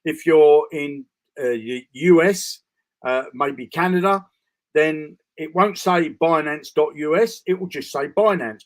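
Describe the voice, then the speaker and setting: A man walking through a trading bot dashboard during a live screen-share broadcast, talking casually with restarts, fillers and frequent "okay?" checks. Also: fairly high pitch. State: tired, yawning. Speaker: crypto trading bot presenter.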